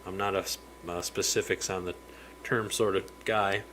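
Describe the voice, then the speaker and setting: Pushed and bright yet steady, his low voice moves at a moderate pace over a low-quality recording with slight hiss or hum. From his home fish room among the aquariums, he hosts a relaxed live stream, chatting away, greeting viewers by name, and fumbling a word here and there.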